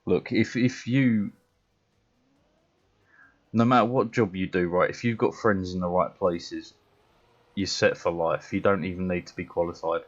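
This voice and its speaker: A man's voice: low voice, steady tone, measured pace, pauses often. A young British man streaming a game, chatting casually in a blunt, sweary way and laughing often. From Britain. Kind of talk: casual chat while gaming. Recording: dull lo-fi mic.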